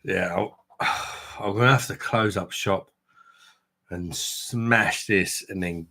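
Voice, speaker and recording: A man's voice: fairly low pitch, unhurried, bright, forceful tone. A man hosting a late-night beer review live stream, chatty and tipsy, full of banter and casual swearing. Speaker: beer review livestream host.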